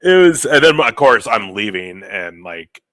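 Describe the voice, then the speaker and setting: A man's voice: lowish voice, measured pace, no room sound. A young man casually telling a story on a podcast, acting out the people he quotes, on a close mic. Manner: animated, acts out quoted people. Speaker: podcast co-host.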